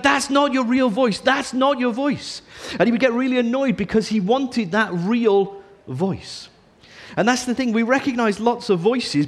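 A man, a father in his thirties, preaching a sermon to his church in a conversational way with frequent ums. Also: sits high. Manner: conversational, warm and self-deprecating, with frequent ums. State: deaf in his left ear this morning.

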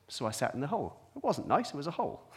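A man giving a sermon, telling his own story in a personal way, dropping quiet and then rising to emphatic peaks. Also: on the high side, sing-song, quick pace, slight background noise. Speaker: preacher.

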